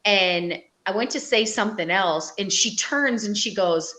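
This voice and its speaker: A woman telling a story in a casual podcast chat, animated and laughing as she acts out what people said. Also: medium pitch, unhurried.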